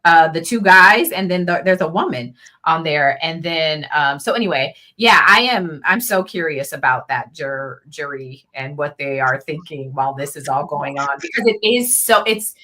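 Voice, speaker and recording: A woman guest chatting casually about a trial over a video call, animated and candid in her reactions. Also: low-pitched, moderate pace. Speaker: guest commentator.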